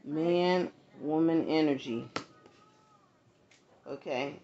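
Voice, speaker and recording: A woman's voice: on the low side, measured pace, darkish tone, faint music behind. A woman giving a casual tarot reading to her viewers, talking to them directly and often checking in with asides. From not from the American South. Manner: conversational, frequent asides and check-ins to viewers. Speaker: tarot reader. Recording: dull lo-fi audio, faint background noise.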